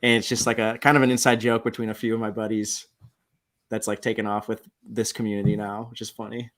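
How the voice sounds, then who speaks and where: Guesting on a podcast, a man in his twenties who is a huge sports fan chats casually and laid-back, using "like" a lot. He talks fast in a low voice with a level tone.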